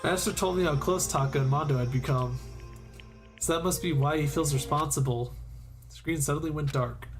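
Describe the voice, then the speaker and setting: A man streaming a visual novel, reading the text aloud with excitable, goofy outbursts. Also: fairly high pitch, brisk, soft background music.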